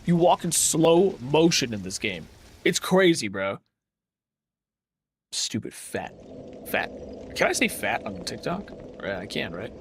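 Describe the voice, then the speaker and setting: Young male game streamer, wildly varied pitch, unhurried talk with noisy background. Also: big pitch swings. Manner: jumpy, swings from mutters to yelps. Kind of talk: live gameplay streaming.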